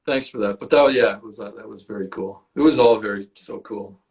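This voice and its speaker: A Canadian man with a fairly low voice chats loosely as an interview guest. He tells anecdotes with plenty of casual swearing and slips into quoted voices. His delivery is relaxed and conversational. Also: a little fast. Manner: swears freely, storytelling with acted quotes. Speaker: actor, podcast guest.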